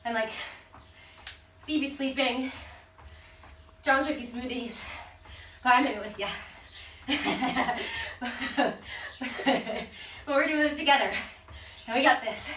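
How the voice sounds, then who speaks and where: A woman's voice: sits high, normal speed, long pauses, pushed and bright, slight background noise. A woman leading a follow-along workout, out of breath, counting reps aloud and cheering the class on. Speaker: fitness instructor. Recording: roomy sound from a distance.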